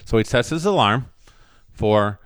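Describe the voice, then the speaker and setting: A man telling a long joke on a casual podcast, jumping into high voices for the characters. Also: a little slow, clean tone, dry recording, clean studio sound. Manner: animated storytelling, jumps into high voices for the characters. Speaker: podcast co-host.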